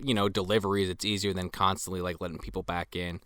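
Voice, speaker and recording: A man's voice: sits low, little pitch movement, fast, a bit bright, clean tone, dry recording. A man co-hosting a movie podcast, joking, swearing and sarcastically acting out scenes. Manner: sarcastic, swears, acts out quotes. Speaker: podcast co-host. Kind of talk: casual movie-riffing chat.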